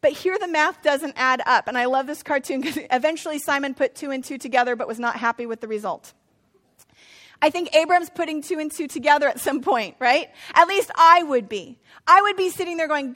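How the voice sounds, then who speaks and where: A woman's voice: high voice, brisk, a bit bright. A middle-aged woman pastor giving a conversational sermon, now and then acting out what biblical figures might say. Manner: conversational preaching, acts out voices of biblical figures.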